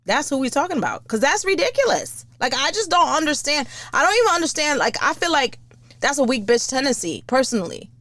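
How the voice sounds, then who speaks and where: A woman hosts her podcast in a blunt, profane, comedic rant. Her fairly high voice swings widely in pitch. The sound is dry and close, with no room echo. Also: fairly quick. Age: older. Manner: blunt, profane, lively and animated. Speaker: podcast host.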